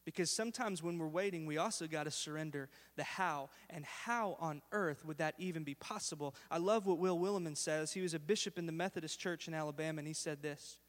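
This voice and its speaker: A man preaching a sermon, telling a story that builds to loud, animated exclamations. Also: fairly high pitch, brisk, hardly any pauses, long reverb tail. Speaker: pastor.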